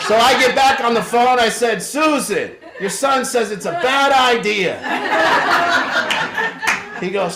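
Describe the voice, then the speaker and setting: A man leads a support group for the families of addicts, talking bluntly and swearing freely as he acts out little scenes. His voice sits slightly high. The room around him rings with echo. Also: expressive, takes it slowly, pauses often, heavy background noise. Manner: blunt, profane storytelling with voiced impressions. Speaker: addiction program leader.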